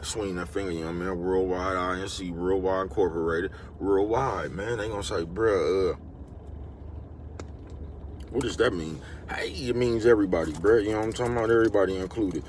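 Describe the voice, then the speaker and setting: A man rattles off a rambling motivational vlog at a fast clip. He talks in loose slang and keeps coming back to his pet phrases. Faint noise hums under the recording. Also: sits low, a little mellow. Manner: rambling, slangy, repeats catchphrases. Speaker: vlogger. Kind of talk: casual motivational monologue.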